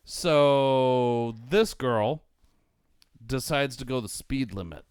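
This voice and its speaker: Speaking slowly in a mid-range voice with a clean tone and no echo, a man in his forties, a podcast co-host, spins a rambling, profane, animated anecdote for friends. The casual storytelling is captured on a close mic.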